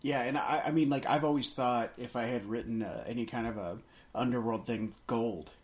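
A man's voice: medium pitch, steady tone, brisk. A man co-hosting a casual movie podcast, rambling through a scene with many restarts and fillers. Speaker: podcast co-host.

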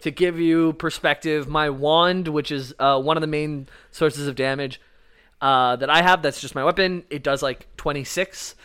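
A man's voice: a little high, fairly even intonation, normal speed, sharp tone, clean tone. A man on a podcast casually explaining video game lore, rambling with lots of fillers and the odd swear. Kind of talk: casual chat.

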